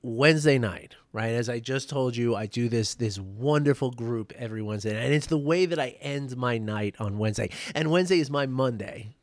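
Casting: man, 30s-40s, chatty meditation teacher, middle pitch, dry room. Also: a little fast, few pauses, no echo. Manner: chatty, many "right?" tags and self-restarts. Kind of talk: casual motivational talk.

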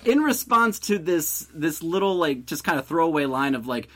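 A man's voice: on the high side, expressive, normal speed, sharp tone. A young man in casual chat, rambling through a story with many fillers and restarts.

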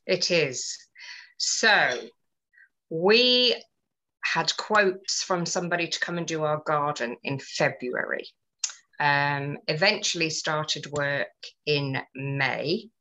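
A woman's voice: low-pitched, slow pace, sharp tone, low-quality recording. A woman on a podcast, telling a personal story in earnest, detailed casual chat. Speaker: podcast co-host.

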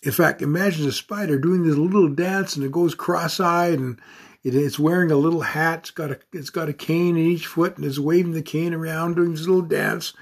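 A man's voice: a little high, fairly even intonation, a little fast, gravelly, slightly rough. A man giving an earnest motivational talk who repeats affirmations and phrases over and over for emphasis. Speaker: motivational speaker.

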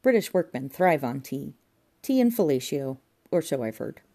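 A woman's voice: low-pitched, very animated, moderate pace, dark tone, full character voice. A woman voicing a breezy, cheeky housekeeper who teases the people around her.

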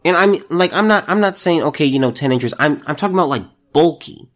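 A male podcast host delivers solo commentary in an incredulous, ranting way. His pitch swings widely as he talks, and he restarts his sentences over and over. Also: expressive, a little fast, fairly bright tone.

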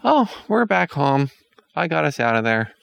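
A clever, unflappable young girl in a bedtime story, put on by a man, chirpy and matter-of-fact in a raised voice. The pitch bounces around with a slight gravel. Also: very animated, normal speed, a bit bright, dry recording, heavily acted. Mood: reassuring.

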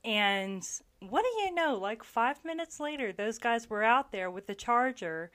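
A woman from the American South with a Southern accent, telling army stories in a casual chat, animated and laughing often. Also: fairly high pitch, measured pace. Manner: animated, laughing storyteller with frequent fillers. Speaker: army veteran guest.

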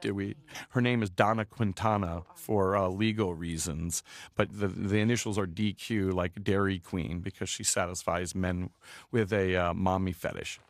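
A film director giving a loose, rambling commentary track with lots of filler words. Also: male voice, low voice, fairly even intonation, moderate pace, dry recording.

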